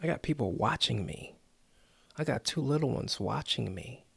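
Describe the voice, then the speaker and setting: A man's voice: mid-range voice, animated, normal speed, gravelly, fairly bright tone, slightly rough, no echo. A man hosting a motivational podcast, coaching earnestly and acting out the inner voices people hear. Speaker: podcast host.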